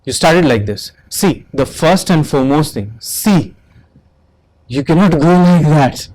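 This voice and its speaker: A man's voice: a little high, lively intonation, measured pace, a little mellow, low-quality recording. Instructive man with an Indian English accent. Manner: instructive, repeatedly asks "Do you understand that?". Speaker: interview board member giving feedback. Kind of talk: mock interview feedback.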